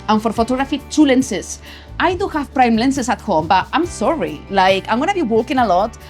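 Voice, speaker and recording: Chatty Spanish-accented woman vlogger. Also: fairly high pitch. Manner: chatty, emphatic, tags lines with "okay?". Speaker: photography vlogger. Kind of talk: casual travel gear vlog. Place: travel location.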